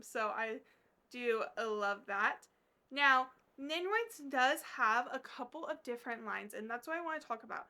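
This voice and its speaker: A woman chatting to camera as a regular vlogger, bubbly and gushing, with fillers scattered through her talk. Her voice sits high and sounds bright and crisp. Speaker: collector vlogger. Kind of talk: casual chat to camera.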